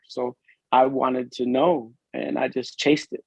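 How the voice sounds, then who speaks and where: A man from Illinois who works as a police officer, giving an earnest, emotional personal testimony in a podcast interview, with halting, restarting speech. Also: medium pitch, flat delivery, vocal fry, darkish tone, husky, no echo. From Illinois, USA. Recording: dull lo-fi dry recording.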